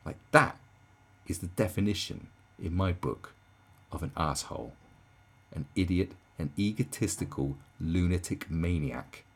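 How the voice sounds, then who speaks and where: A young man ranting in a reaction commentary, incredulous and swearing, swinging from mocking shrieks down to low, sad muttering. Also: unhurried, vocal fry, breathy edge.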